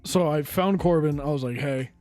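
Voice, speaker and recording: A man's voice: a little high, moderate pace, a little mellow, faint music behind. A young man in his twenties co-hosting a podcast, telling a story in a laid-back, teasing, dry way. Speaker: podcast co-host. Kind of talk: casual storytelling chat.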